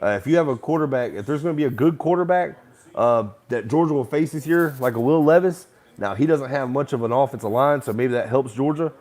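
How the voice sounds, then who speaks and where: A young man hosting a casual live sports chat, rambling between opinions and reacting loudly to plays as he watches. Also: medium pitch, fairly quick, hardly any pauses. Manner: rambling, excitable, shouts and laughs at plays. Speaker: sports show host.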